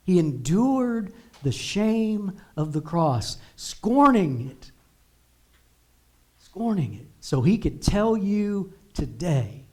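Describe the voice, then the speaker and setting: A man's voice: high voice, big pitch swings, takes it slowly. A man preaching as pastor in a church, building emphatic repeated declarations. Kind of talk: sermon. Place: church sanctuary.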